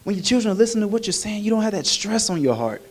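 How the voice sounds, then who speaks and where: A male minister preaching a sermon in an animated, humorous, conversational way. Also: high-pitched, rapid-fire, a little hiss or hum.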